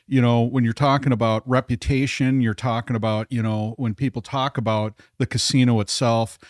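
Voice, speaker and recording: A man co-hosts a relaxed bar podcast, warmly enthusiastic as he reacts to the guest's stories. His mid-pitched voice is recorded close on a dry mic. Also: moderate pace, no room sound. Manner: enthusiastic, admiring. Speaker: podcast co-host. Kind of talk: casual bar podcast chat.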